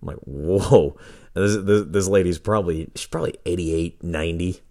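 A man's voice: deep voice, fairly even intonation, moderate pace, mellow. A man hosting his own podcast from home, telling stories in a loose, profane way and laughing often. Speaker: podcast host. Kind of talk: casual solo podcast storytelling. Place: home with a dog nearby.

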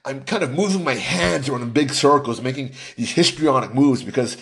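A man hosting a podcast, talking in an animated, emphatic way with lots of restarts and "right?" tags. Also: medium pitch, vocal fry. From United States. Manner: deliberately animated and emphatic, pushing his voice up for effect. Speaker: podcast host. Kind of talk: animated solo podcast monologue.

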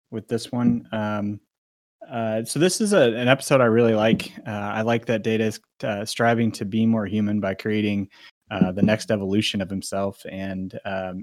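A man's voice: on the low side, no echo, studio quality. A man co-hosting a casual podcast, talking hesitantly with many fillers. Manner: hesitant, many ums and uhs. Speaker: podcast co-host.

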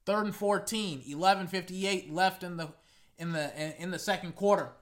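A man's voice: high voice, normal speed. A young man giving casual, rambling play-by-play commentary on a football game, with chatty asides.

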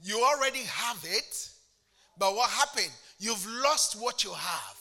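High-voiced, bright-toned preacher man. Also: very animated, measured pace. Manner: preaching with call-and-response questions, swinging from hushed to shouting. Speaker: pastor. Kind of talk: sermon.

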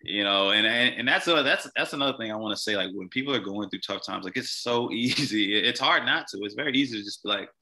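A man's voice: on the low side, fast talker, hardly any pauses, pushed and bright, slight background noise, low-quality recording. A young man, a podcast guest, telling a personal story in a casual, rambling, earnest way, with a lot of "like". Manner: rambling, heavy use of "like", earnest.

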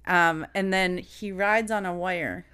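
Woman, podcast co-host, casual chat, smooth clear voice, laughs a lot. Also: lowish voice, fairly even intonation, slow pace, bright, forceful tone. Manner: chatty, laughs often, trails off mid-sentence.

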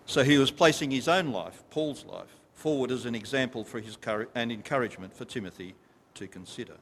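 A man's voice: mid-range voice, fairly quick, fairly bright tone, a little hiss or hum. A man preaching a sermon to a congregation, emphatic and repetitive, stopping to ask them questions. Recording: long reverb of a large hall.

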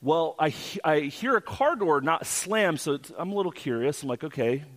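A male pastor telling a personal story in a sermon, animated and vivid. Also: moderate pace. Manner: animated storyteller, rising pitch in tense moments. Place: church sanctuary. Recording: long church hall reverb.

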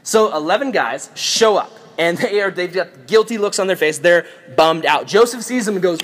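High-voiced, animated male preacher. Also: normal speed. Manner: animated, playful, jokey. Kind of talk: lively Bible storytelling.

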